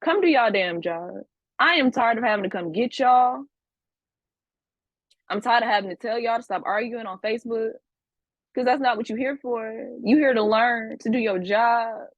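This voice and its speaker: Husky, fed-up woman scolding her students. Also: fairly high pitch, normal speed, no echo, dull audio. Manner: scolding, profane, repeats herself for emphasis. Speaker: spiritual teacher. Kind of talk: livestream class lecture.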